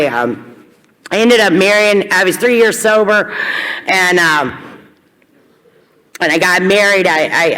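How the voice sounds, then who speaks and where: A woman's voice: lowish voice, fairly bright tone. A woman from Kentucky telling her recovery story to a meeting, candid and wry, with sudden bursts of energy. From Kentucky, USA. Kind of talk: personal recovery story told to an audience. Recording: long hall reverb.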